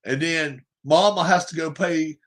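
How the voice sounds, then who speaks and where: A man's voice: on the high side, a little slow, fairly bright tone. A man hosting a sports livestream, ranting emphatically, repeating points and firing off rhetorical questions. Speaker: livestream host. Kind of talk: opinionated sports rant.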